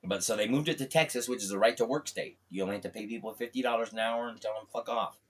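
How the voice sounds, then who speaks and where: A man's voice: lowish voice, racing, recorded from a distance. A man, a guest comedian and voice actor, telling profane anecdotes in casual podcast talk. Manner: animated anecdote-teller, profane.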